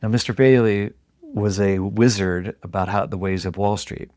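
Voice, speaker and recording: A middle-aged man telling a story as a podcast guest, animated and acting out the voices of the people in it. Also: fairly low pitch, moderate pace, no room sound, studio quality. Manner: animated storyteller who acts out quoted voices.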